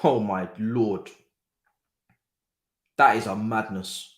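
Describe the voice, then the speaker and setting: A man's voice: on the low side, slow pace, roomy sound. A young man, hosting a live football watchalong, exclaiming and swearing as he reacts.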